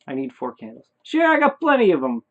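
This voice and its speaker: A man voicing a friendly, chirpy male neighbor in a loud, squeaky put-on voice. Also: huge pitch swings, fairly quick, exaggerated voice. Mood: cheery. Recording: tinny phone-like sound.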